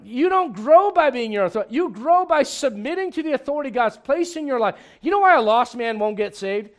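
A man preaching a sermon as pastor, lively and humorous, full of rhetorical questions to the congregation. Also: very high-pitched, fairly quick, hardly any pauses.

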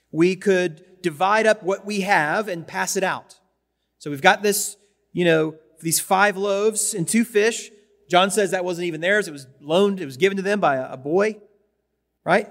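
High-voiced pastor preaching in a hall. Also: male voice, fairly bright tone. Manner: conversational, with repetitions and asides to the congregation. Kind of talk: sermon. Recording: long hall reverb.

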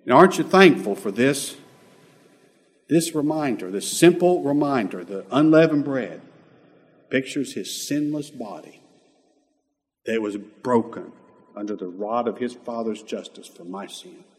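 A man preaching a sermon as pastor, earnest, swelling loud and then dropping almost to a whisper. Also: mid-range voice, expressive, a little slow. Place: church sanctuary. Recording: long hall reverb from a church.

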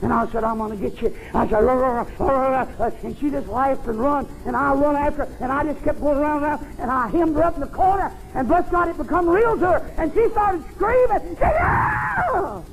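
A man preaching a fervent, folksy revival sermon at a church service, often climbing into shouts. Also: very high voice, fast talker, creaky, few pauses, a little hiss or hum, rough recording.

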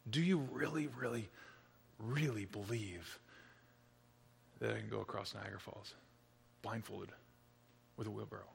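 A man voicing a calm, daring male tightrope walker, speaking low and deliberately. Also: gravelly, in a large hall, slight background noise. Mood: quiet challenge.

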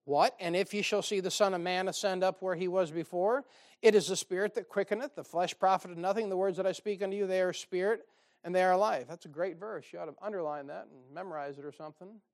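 Folksy preacher, higher-pitched man. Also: fast talker. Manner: folksy storytelling with dry sarcasm. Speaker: pastor. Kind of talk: sermon.

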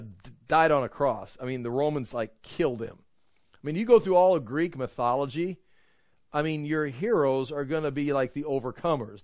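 A man preaching in a conversational, animated way, acting out the voices he quotes. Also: on the high side, no room sound, studio quality. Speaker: pastor. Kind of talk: sermon.

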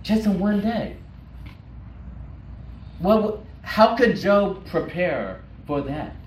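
A man preaching a sermon as pastor, slow and emphatic, repeating words for weight. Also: high voice, big pitch swings. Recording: roomy echo, distant mic, faint noise.

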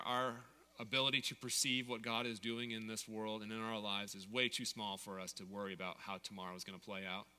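A man's voice: on the low side, sharp tone, long reverb tail. A man in his thirties preaching a sermon as pastor, candid and conversational, sharing personal stories.

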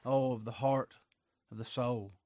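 A man preaching a sermon. He reads scripture aloud, rises to emphatic peaks, then drops low for quiet asides. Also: level tone, a little slow, no room sound, clean studio sound.

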